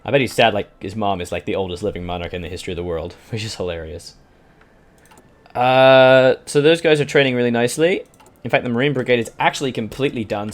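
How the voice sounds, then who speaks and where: A man casually commenting on his strategy game as he plays, swearing freely and answering questions from his live chat. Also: on the low side. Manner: chatty, profane, reads out chat questions. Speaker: video game streamer.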